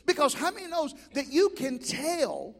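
A man preaching a sermon, folksy and building to shouted peaks. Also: very high-pitched, big pitch swings, normal speed, gravelly. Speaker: pastor. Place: church sanctuary. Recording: church hall reverb.

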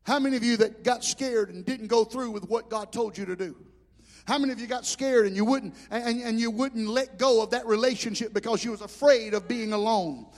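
A man preaching a sermon as pastor, telling animated stories. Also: very high-pitched, fairly quick. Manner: animated storytelling with shouted impressions. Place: church hall. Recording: hall reverb.

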